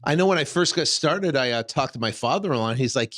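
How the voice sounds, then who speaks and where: A man's voice: mid-range voice, fast, few pauses. Man in his fifties telling a story. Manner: animated, many fillers and restarts, acts out his own reactions. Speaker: real estate investor and podcast host. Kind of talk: casual first-person storytelling.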